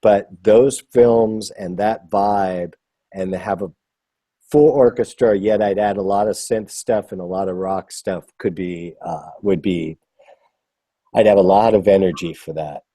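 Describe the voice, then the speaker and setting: A man's voice: deep voice, fairly even intonation, a little slow, mellow, dry recording. A man chatting casually as a guest composer, rambling and self-deprecating with enthusiasm. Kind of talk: casual live chat.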